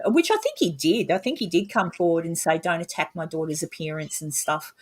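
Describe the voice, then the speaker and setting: A woman's voice: lowish voice, expressive, fairly quick, few pauses. A woman chatting casually as a guest, blunt and talkative, swearing freely. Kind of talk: casual chat.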